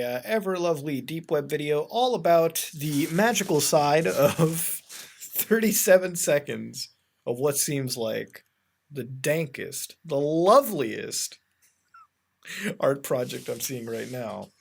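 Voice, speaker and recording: A man's voice: a little high, creaky. Rambling, exasperated male web host. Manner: rambling and exasperated, with many fillers and restarts; addresses the audience as ladies and gentlemen. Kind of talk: casual web-browsing commentary.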